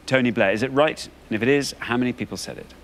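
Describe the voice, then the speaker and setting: A man's voice: mid-range voice, quick pace, a little hiss or hum. A man hosting a TV quiz show in a studio, genial and jokey as he talks to the contestants.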